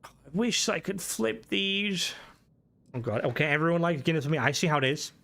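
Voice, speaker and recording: A man's voice: a little high, animated, normal speed, vocal fry, a bit bright. A young Irish man chatting casually on a game stream, rambling, swearing freely and answering chat.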